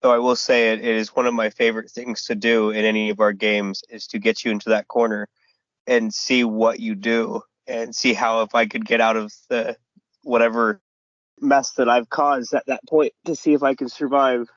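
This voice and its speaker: A friendly man co-hosting a gaming podcast, with a mid-pitched voice that is a little hoarse. He teases his friends lightly. The sound is dull and dry. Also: little pitch movement, moderate pace, a bit bright, no room sound. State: slightly hoarse from illness. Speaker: podcast co-host. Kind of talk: casual chat about tabletop gaming.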